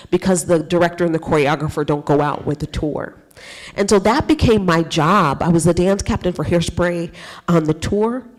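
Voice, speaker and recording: Woman guest speaker with a mid-range voice, telling her story in an animated way and acting out her thoughts. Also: mid-range voice. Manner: animated, acts out her own past thoughts; laughs often between phrases. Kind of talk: storytelling talk.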